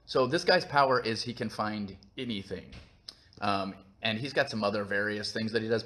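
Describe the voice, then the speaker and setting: A man's voice: lowish voice, a bit bright. A man hosting a casual live-stream vlog, chatting in a goofy, rambling way while he reads viewer comments. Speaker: vlog host reading live chat.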